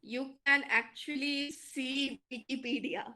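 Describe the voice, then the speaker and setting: Slow-speaking Indian English woman lecturer. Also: sits high, steady tone, pushed and bright. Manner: slow, deliberate explaining with frequent fillers. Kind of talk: online lecture to students.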